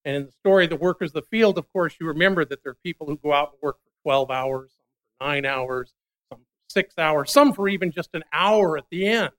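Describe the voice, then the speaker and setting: High-voiced pastor preaching with animation. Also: male voice, fairly quick. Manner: animated storytelling, voicing biblical characters. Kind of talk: sermon.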